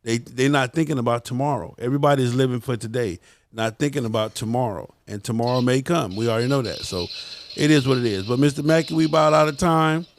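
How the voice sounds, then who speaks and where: A man hosting a casual talk show, hyping his guest with quick affirmations. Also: mid-range voice, slight background noise. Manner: hype, affirming interjections. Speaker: host. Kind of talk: casual interview chat.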